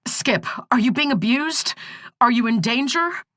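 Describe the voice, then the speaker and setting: A woman's voice: a little high, animated, a little slow, fairly bright tone, no echo, clean studio sound, pitched above the performer's own voice. A woman voicing an anxious, pleading sister. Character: worried woman, the prisoner's sister.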